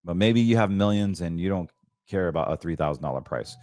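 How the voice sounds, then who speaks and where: A man's voice: low-pitched, animated, brisk, darkish tone, no echo. A man hosting a financial show, talking through trades in a chatty, emphatic way, stumbling over words and correcting himself. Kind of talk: casual market commentary.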